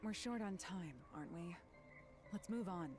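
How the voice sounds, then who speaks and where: A woman voicing a brisk, no-nonsense young female detective in a video game, with music behind. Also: fairly low pitch, lightly acted. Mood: curt.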